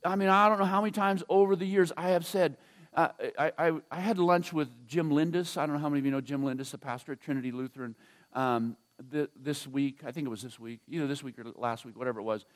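An older man preaching a sermon in a church, his voice sitting high for a man. He talks in a loose, conversational way, restarting phrases and sinking to a near hush at tender moments. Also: steady tone. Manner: conversational, halting with restarts and fillers; drops to a soft hush when emotional. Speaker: pastor.

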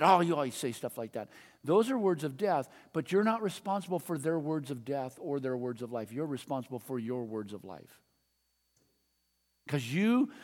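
A man preaching a sermon as pastor, animated, reading scripture and leading prayer. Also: medium pitch. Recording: long hall reverb.

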